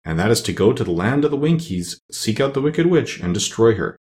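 A man's voice: lowish voice, big pitch swings, brisk, darkish tone. A man voicing a cowardly male lion who blusters and pleads in a storybook reading. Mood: resolute. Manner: boastful, pleading.

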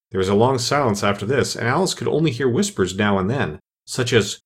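A male narrator reads a storybook aloud, shaping every line with very lively, expressive pitch. His voice has a light husky texture. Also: fairly quick, hardly any pauses. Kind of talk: audiobook narration.

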